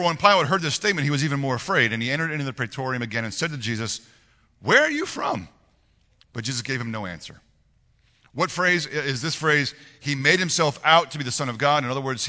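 This sermon comes from a male pastor who reads scripture aloud, then breaks it down for the congregation using animated rhetorical questions. His voice is mid-pitched, trailed by a long reverb.

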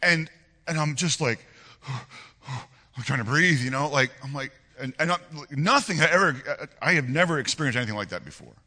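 A man in his forties preaching a sermon and telling a personal story, earnest and animated, often restarting and repeating words. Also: a little high, brisk, long reverb tail. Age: 40s. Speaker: pastor.

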